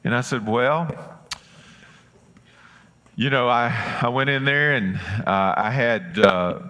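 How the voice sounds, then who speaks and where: A man preaching in a big hall with a long, ringing reverb. His voice is bright and forceful. He tells a childhood story in a folksy way and acts out the voices of the people in it. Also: medium pitch, slow. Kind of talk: sermon with personal storytelling.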